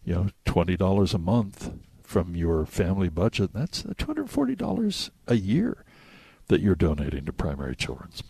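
A man hosting a casual radio chat about movies, telling the story with animated acted-out quotes. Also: low voice, moderate pace, gravelly, husky, no room sound. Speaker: radio host.

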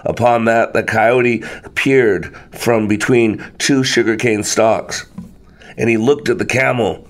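A man telling a folktale aloud, with an animated, dramatic manner of narration. His voice rests at an ordinary middle pitch for a man. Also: slow pace. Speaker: storyteller. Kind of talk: folktale storytelling.

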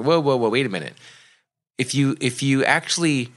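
A man's voice: medium pitch, lively intonation, fairly quick, a bit bright. A man who works as a motivational speaker and coach, explaining his ideas in an earnest, reflective way during a casual podcast chat.

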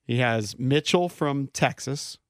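A man's voice: mid-range voice, slow, no echo. Male co-host, mid voice, casual, reading off stats, dry studio. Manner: reads stats and lists off prospects. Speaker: sports radio co-host. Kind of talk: casual sports talk.

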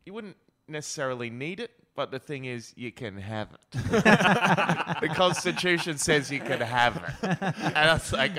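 A man's voice: fairly high pitch, lively intonation, moderate pace, pushed and bright. A young Australian man telling rambling comic anecdotes on a podcast and acting out other people's lines. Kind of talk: casual comedic storytelling.

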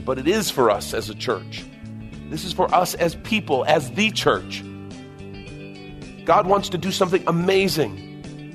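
A middle-aged man preaching a sermon, animated, sometimes dropping to a quiet, intense voice and acting out inner voices. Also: fairly high pitch. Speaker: pastor.

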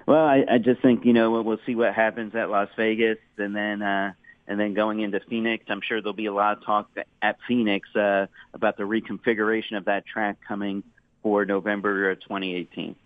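A man, a motorsports reporter, talking as a guest over the phone in a measured way with many fillers. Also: fairly low pitch, flat delivery, no echo. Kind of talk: phone interview. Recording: tinny phone line.

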